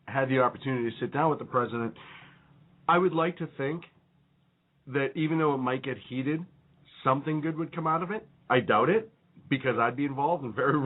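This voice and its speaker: A man co-hosting a radio talk show, bantering casually with many fillers and laughing often. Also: fairly high pitch. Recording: phone-like narrow audio.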